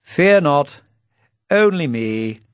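A man's voice: fairly high pitch, animated, very slow, no echo, studio quality, pitched above the performer's own voice. A man voicing a breezy, plummy English spymaster. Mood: chirpy.

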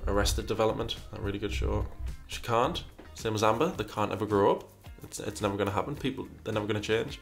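A man's voice: fairly low pitch, fairly even intonation, fast talker, gravelly, few pauses, faint music behind. A man hosting a casual commentary show, reading out viewer questions and answering them in a rambling, wry way with lots of restarts. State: burpy after breakfast.

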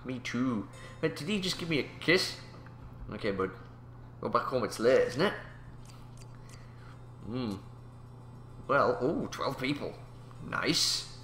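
Man, casual game commentary, jokey, mid-pitched voice, echoey room, faint music. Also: very animated, unhurried, pauses often, fairly bright tone. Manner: playful, jokey, swears, does silly voices. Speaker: let's play host.

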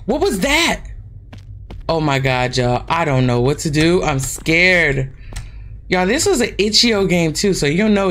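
A woman's voice: fairly low pitch, slight background noise. A woman hosting a gaming channel, chatting casually and swearing freely as she plays a horror game and talks straight to her viewers.

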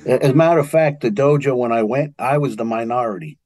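An older man with a New York accent, a guest in a storytelling interview, tells martial arts stories as an animated narrator who acts out quotes. His mid-range voice moves fast, with music playing in the background.

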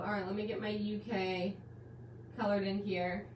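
A woman's voice: mid-range voice, little pitch movement, moderate pace, a little mellow, dull audio. A woman hosting a live online quilting class stream, gushing and bubbly as she welcomes viewers and calls them guys and my dear. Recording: roomy, slightly distant with faint background hiss.

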